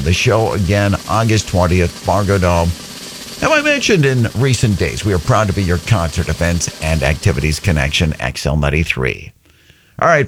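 A man hosting a morning radio show, chatty and upbeat, punching words for emphasis over a faint music bed. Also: mid-range voice. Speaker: radio host.

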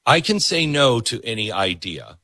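A middle-aged man holds forth as a talk show host, his voice rising and falling with lively swings. He hammers his points home and repeats words for emphasis. The sound is dry and close, with no room around it. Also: medium pitch, normal speed, no echo. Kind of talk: political talk radio monologue.

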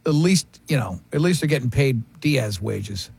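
A man's voice: medium pitch, animated, creaky, darkish tone, husky. A man co-hosting a radio talk show, chatting and teasing in a loose, joking way. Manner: joking, teasing, quick interjections. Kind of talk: casual morning-show banter.

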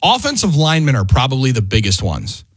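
A man's voice: mid-range voice, huge pitch swings, fast, husky, no room sound. Guy on a sports talk show, easygoing and chatty, dry close mic. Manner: easygoing, chatty, knowledgeable about football.

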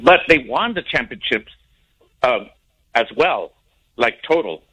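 Bright-voiced male caller, rambling. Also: medium pitch, lively intonation, measured pace, husky, low-quality recording. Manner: rambling, hesitant, with many fillers. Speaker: radio caller. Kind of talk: casual phone call.

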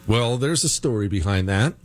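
A man hosting a talk radio show, reading listener mail and a sponsor ad in an animated way. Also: normal speed. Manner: animated, mocking high voice when quoting listeners. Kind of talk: talk radio with live ad read.

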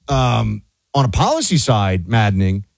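A man's voice: fairly low pitch, sing-song, measured pace, creaky, no echo. A man co-hosting a talk radio show, delivering heated, indignant commentary with his voice leaping up in outrage. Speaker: radio co-host.

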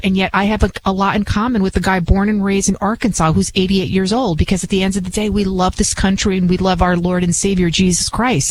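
A woman's voice: mid-range voice, slight background noise, poor audio. A woman with a Bronx New York accent, hosting a radio talk show in a chatty, emphatic, rambling way. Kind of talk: casual talk radio monologue.

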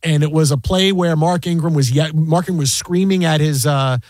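Middle-aged male sportscaster, quick animated storyteller, bright high voice, dry booth sound. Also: dry recording. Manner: animated, acts out quoted dialogue, many restarts. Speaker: sports broadcaster and podcast guest. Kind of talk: casual storytelling chat.

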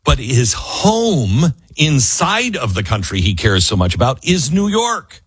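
A man's voice: mid-range voice, sing-song, husky, dry recording. A male radio talk show host giving emphatic, argumentative political commentary. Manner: emphatic, argumentative, shifts quickly between loud and hushed.

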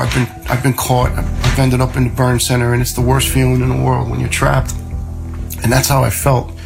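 Gravelly middle-aged man telling his story. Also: mid-range voice, rough recording. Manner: plainspoken, conversational, repeats words as he goes. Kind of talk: personal story told to listeners.

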